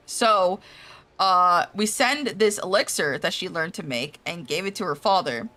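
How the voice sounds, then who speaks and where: Young woman streamer chatting loose, bright voice, lots of like and swearing, faint music behind. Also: lowish voice, unhurried. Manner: rambling, swears freely, heavy use of "like". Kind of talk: casual stream chat recapping game quests.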